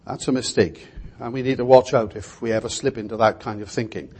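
A man preaching an expository sermon in a measured way, often putting rhetorical questions to his listeners. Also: mid-range voice, steady tone, darkish tone, slightly rough.

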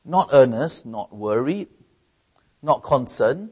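A man's voice: expressive, a little slow, pauses often. Male preacher giving a sermon, earnest, presses on key words, often restarts phrases. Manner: earnest, rises in pitch and volume for emphasis.

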